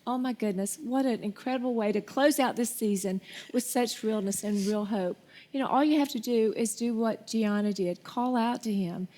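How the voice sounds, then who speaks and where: A woman's voice: fairly high pitch, normal speed, warm tone. A woman hosting a Christian talk show, speaking with effusive, faith-filled encouragement.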